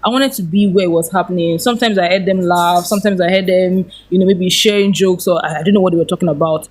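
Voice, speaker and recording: Woman, thirties, interview guest, lively storyteller who laughs easily. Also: fairly low pitch, quick pace. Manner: animated, laughs often while telling.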